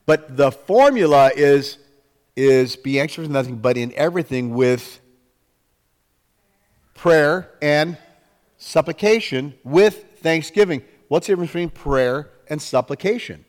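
A man's voice: on the high side, lively intonation, unhurried, a little mellow, long reverb tail. A man preaching a sermon in a fervent, conversational way, acting out prayers in his own voice. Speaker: pastor.

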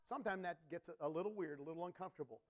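A middle-aged man preaching a sermon as pastor, telling stories with bursts of shouting and imitated instrument sounds. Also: fairly high pitch, rapid-fire. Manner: animated storytelling, sudden shouts and imitated organ sounds.

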